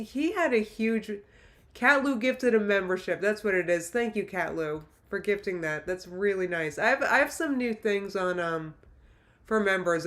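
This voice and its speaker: A woman in her late thirties chatting casually on a livestream, reading viewer comments in an emotional, rambling way with many restarts. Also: lowish voice. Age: late 30s. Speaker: YouTuber livestream host.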